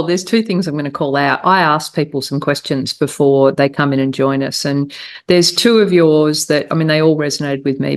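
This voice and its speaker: Woman host, low pitch, encouraging interviewer, conversational podcast.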